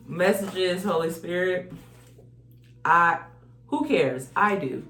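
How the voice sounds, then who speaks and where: A woman's voice: on the low side, a bit bright. A woman giving a casual tarot card reading, talking bluntly with swearing and breaking into bits of song. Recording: echoey room with faint music.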